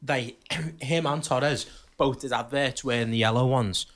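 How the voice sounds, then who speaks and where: A man's voice: mid-range voice, unhurried, a bit bright. A man, a podcast co-host in casual, sweary banter among friends. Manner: laddish, sweary, laughing.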